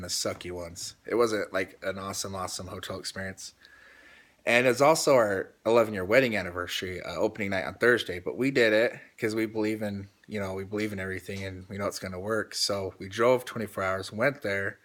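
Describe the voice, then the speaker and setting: A man with a somewhat low voice, talking casually as he recaps a call he took notes on. He rambles, retells what was said at length and restarts his sentences often. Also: fairly quick, a bit bright. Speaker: team coach recapping a call.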